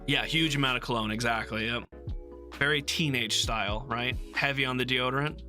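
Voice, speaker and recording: Bright-voiced man chatting about a book. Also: medium pitch, fairly even intonation, a little fast, faint music behind. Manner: chatty, frequent ums and restarts, amused. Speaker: book club host. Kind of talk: casual book discussion on a livestream.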